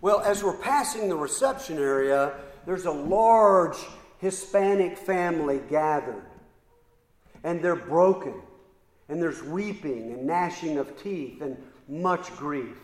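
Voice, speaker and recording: A middle-aged man preaching a sermon, telling a story slowly with many repeated "and"s and pauses. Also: fairly high pitch, animated. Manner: slow, halting storyteller with repeated ands and pauses. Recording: roomy hall with long reverb.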